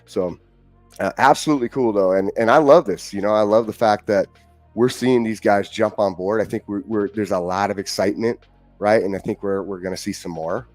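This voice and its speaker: A man's voice: fairly low pitch, fairly quick, no echo, faint music behind. A man from the Northwest hosting a casual, upbeat live sports stream, greeting viewers in the chat and repeating himself often. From Washington state, US. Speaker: livestream host.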